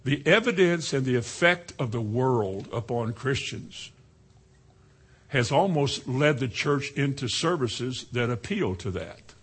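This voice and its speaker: A man's voice: medium pitch, lively intonation, unhurried, fairly bright tone, husky. A man preaching a sermon in a folksy way, now and then mimicking slang with a laugh.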